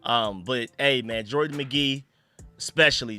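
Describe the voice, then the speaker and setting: A man hosting a casual sports fan live stream, excitable and slangy, greeting chat viewers by name. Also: medium pitch, brisk.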